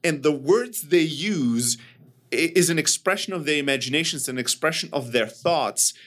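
A man in a casual podcast conversation, talking in an animated way and swearing when he gets emphatic. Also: fairly high pitch, moderate pace.

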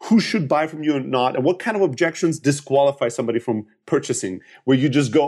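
A man's voice: mid-range voice, brisk, hardly any pauses, darkish tone. A man in his thirties from Greece with a Greek accent, giving an emphatic motivational talk on sales that often restarts sentences. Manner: emphatic, restarts often, acts out quoted dialogue. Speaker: sales coach and startup founder.

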